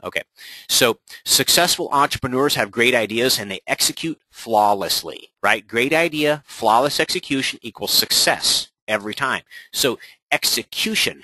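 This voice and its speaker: A man coaching real estate agents in a webinar, energetic and often checking in with "right?". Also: lowish voice, no room sound, rough recording. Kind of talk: webinar presentation.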